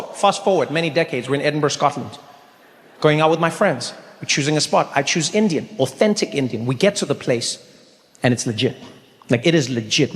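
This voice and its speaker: Animated South African stand-up comedian. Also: male voice. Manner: animated, acts out characters with big pitch jumps. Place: large theater stage. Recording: live hall with long reverb, faint ambience.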